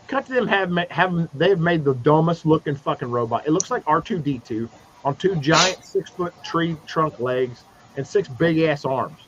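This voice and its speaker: A man on a livestream video call recapping a comic book in a profane, animated way, slipping into mocking voices for the characters. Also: fairly high pitch, normal speed. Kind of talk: casual livestream chat. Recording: dull lo-fi stream audio with noise.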